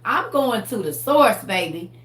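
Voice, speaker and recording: Lively woman in her forties, roomy echo. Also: medium pitch, measured pace. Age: 40s. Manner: animated, laughing, addresses viewers as y'all. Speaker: vlogger sharing faith. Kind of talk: casual spoken preaching to viewers.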